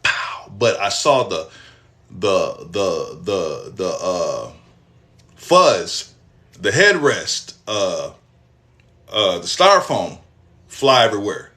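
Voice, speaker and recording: A young man, telling a personal story in casual, profane, animated style. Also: lowish voice. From Texas, US. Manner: animated, profane storytelling with acted-out quotes and laughs.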